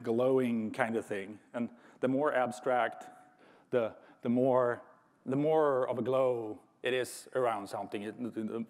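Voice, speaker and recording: The reverberant acoustics of a large conference hall surround a man with a mid-range, darkish voice. He gives a thoughtful talk with light humor, regularly backing up to restart sentences.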